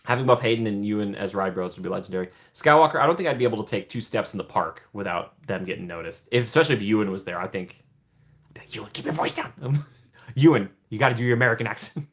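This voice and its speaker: A man's voice: fairly low pitch, animated, racing, fairly bright tone. A young man hosting a casual livestream from home, chatting with viewers in a rambling way, laughing often and trailing off. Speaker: livestream host.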